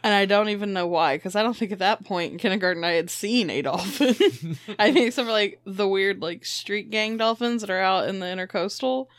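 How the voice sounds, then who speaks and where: A woman co-hosts a podcast in loose, casual chat, trading wry jokes and poking fun at herself. She talks close into a studio microphone, and the sound is dry and direct. Her voice sits at a middle pitch. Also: fairly quick, no echo. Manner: joking, self-mocking, wry. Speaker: podcast co-host.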